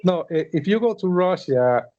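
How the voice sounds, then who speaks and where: Guy hosting, kinda dark mellow voice, dull flat-sounding audio, keeps saying you know. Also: high-pitched, normal speed. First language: Spanish. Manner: friendly, repeats "you know", gives earnest advice. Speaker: wrestling interviewer, host. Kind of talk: casual interview.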